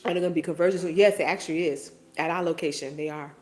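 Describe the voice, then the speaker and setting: A woman's voice: low voice, steady tone, fast talker, darkish tone. A woman in her forties hosting a casual live stream, reading viewer comments and answering them in a playful, teasing and profane way. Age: 40s.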